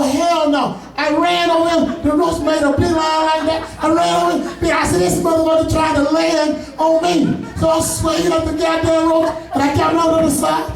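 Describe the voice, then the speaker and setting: A man's voice: extremely high pitch, creaky. A man doing a stand-up comedy set, telling loose, profane stories with asides to the audience. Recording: echoey room, far from mic.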